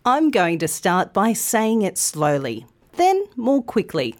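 A woman hosting a podcast, giving a clear, carefully articulated English pronunciation lesson. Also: mid-range voice, big pitch swings, unhurried. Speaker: language podcast host.

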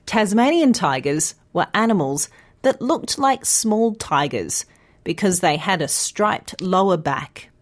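A woman teaching English pronunciation in a scripted podcast lesson, speaking slowly and enunciating every sound carefully. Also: fairly low pitch, animated. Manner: slow, clear, carefully enunciated.

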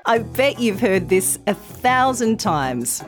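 A woman presenter reading a scripted pronunciation lesson with careful, clear articulation. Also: mid-range voice, big pitch swings, slow pace, soft background music. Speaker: news presenter teaching pronunciation.

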